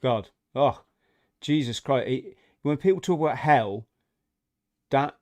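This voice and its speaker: A man hosting a casual chat, speaking frankly in halting, stop-start phrases. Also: mid-range voice, a little mellow. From England. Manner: halting, restarts often, frank. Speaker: podcast host.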